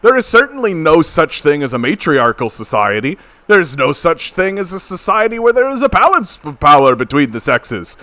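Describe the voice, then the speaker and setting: A man voicing a pompous old-fashioned man who declaims archaic decrees in a slow, grandiose, mock-solemn way. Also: a little high, big pitch swings, pushed and bright. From Canada.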